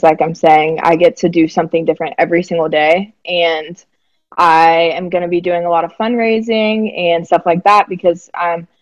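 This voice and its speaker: An easygoing young woman from Alabama talks casually, with a faint Southern twang worn down by years away. Her voice sits a little low for a woman, and the recording is close and dry with almost no room sound. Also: dry recording, lo-fi sound. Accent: faint Southern US, softened toward West Coast. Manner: easygoing, chatty, laughs lightly. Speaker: guest, basketball player development director. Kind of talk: casual interview chat.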